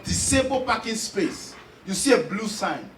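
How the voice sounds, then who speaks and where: Nigerian male stand-up comic, very high pitched, loud and animated, recorded from a distance in a roomy space. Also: unhurried, noisy background. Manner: animated, loud storytelling with laughs and shouts. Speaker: stand-up comedian. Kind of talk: stand-up comedy.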